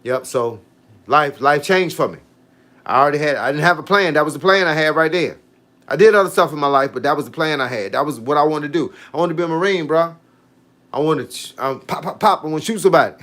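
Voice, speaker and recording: Animated man in his fifties. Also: a little high. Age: 50s. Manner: animated, storytelling, reading out viewer comments. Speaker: fitness coach. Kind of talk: casual livestream chat.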